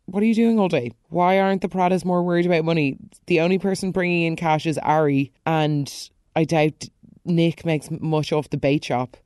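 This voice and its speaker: Chatty low-voiced woman recapping. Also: mellow, no room sound, studio quality. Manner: chatty, opinionated, exclaiming in high bursts. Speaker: soap opera recap host. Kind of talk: casual recap commentary.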